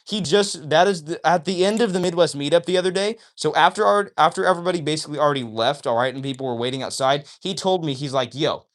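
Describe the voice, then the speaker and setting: A little high and fast, with few pauses, a man runs a casual livestream while flipping a balisong. He gets worked up and tacks "all right?" onto his sentences again and again.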